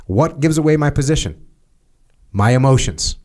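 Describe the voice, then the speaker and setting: An American man who once led Navy SEALs talks through leadership in a steady, matter-of-fact podcast conversation with casual fillers. His voice is medium-pitched and his pace moderate.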